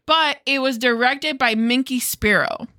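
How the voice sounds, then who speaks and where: A woman hosting a casual podcast, chatty, giggly and quick to swear. Her voice sits fairly high and sounds bright and forward. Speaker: podcast host. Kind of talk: casual chat.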